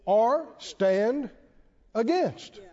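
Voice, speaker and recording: Dull, lo-fi church hall reverb colors this sermon, delivered by a man with a very high-pitched, warm voice, lively intonation, and drawn-out words. He preaches emphatically and repetitively to the congregation, often questioning them.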